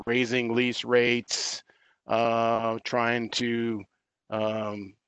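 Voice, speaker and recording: Man, clear smooth voice, dry close sound, steady meeting-call update full of fillers. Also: mid-range voice, no echo. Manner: measured, with frequent fillers and restarts. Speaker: staff member giving an update. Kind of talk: meeting report by audio call. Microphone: audio-only call, no camera.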